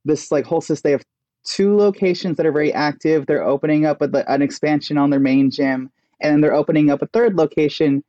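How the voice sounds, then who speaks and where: A fitness coach chatting on a podcast, giggly and rambling, with lots of fillers. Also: male voice, on the high side, fairly even intonation, a little fast, mellow, dry recording, muffled recording. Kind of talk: casual podcast chat.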